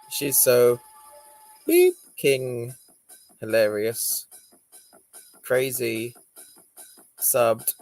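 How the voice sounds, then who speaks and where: A man's voice: medium pitch, fairly even intonation, very slow, long pauses, a little mellow, soft background music. A man hosting a livestream, chatting casually, laughing often and reading out viewer comments. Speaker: livestream host.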